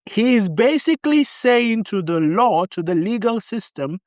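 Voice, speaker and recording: A man's voice: high-pitched, unhurried, hardly any pauses, no echo, studio quality. A man vlogging casual advice, telling stories animatedly and repeating key warnings for emphasis. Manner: animated storytelling, acting out both sides of arguments. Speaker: vlogger giving advice on living in Barbados. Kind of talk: casual advice talk to camera.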